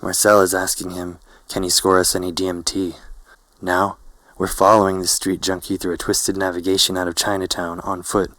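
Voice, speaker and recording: A man narrating a novel in first person, in a slow, hazy, poetic way. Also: low-pitched, monotone, fairly bright tone, no room sound, poor audio.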